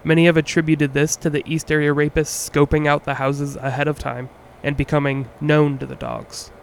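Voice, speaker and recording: A man hosting a podcast, reading a scripted true-crime story in a measured, earnest way with the odd wry aside. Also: fairly high pitch, level tone, gravelly, a little hiss or hum. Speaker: podcast host.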